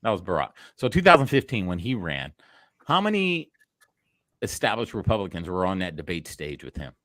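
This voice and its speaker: A man's voice: low-pitched, big pitch swings, fairly quick, fairly bright tone, no room sound, clean studio sound. A man co-hosting a reaction show, talking in a blunt, emphatic casual way.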